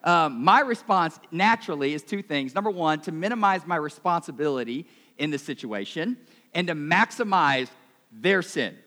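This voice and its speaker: A man preaching a sermon in a conversational, self-mocking way, his voice swinging between loud and quiet. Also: a little high, expressive, moderate pace, long reverb tail. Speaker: pastor.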